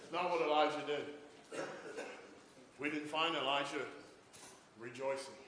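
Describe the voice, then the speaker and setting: A man's voice: on the high side, fairly even intonation, measured pace, a bit bright, reverberant, a little hiss or hum, rough recording. A man preaching a sermon, telling stories and often repeating "boy" and "can I tell you this". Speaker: pastor.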